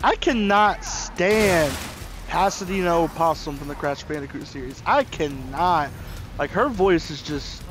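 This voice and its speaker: A man's voice: a little high, animated, a little slow, background noise. A young man from the American South, giving rambling, opinionated commentary over gameplay, full of fillers and restarts. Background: game music.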